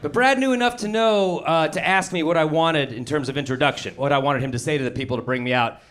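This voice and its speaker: A man's voice: on the high side, fast, very noisy. A middle-aged man doing a stand-up comedy set, telling a story in a sardonic way and acting out the quotes, on a handheld mic in a comedy venue. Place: comedy venue with live audience. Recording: live audience laughter behind.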